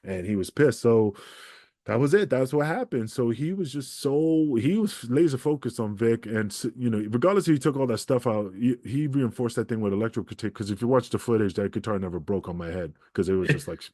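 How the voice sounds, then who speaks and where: A man's voice: mid-range voice, fairly quick, no echo, clean studio sound. A man, a former wrestler, telling stories as a podcast guest, swearing freely and acting out what others said. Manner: profane, animated storyteller who acts out quoted people. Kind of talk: storytelling interview.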